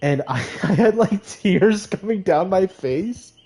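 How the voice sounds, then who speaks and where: A young man streamer telling casual stories with animated, laughing delivery and high squeaky outbursts when quoting himself. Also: slow. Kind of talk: casual storytelling.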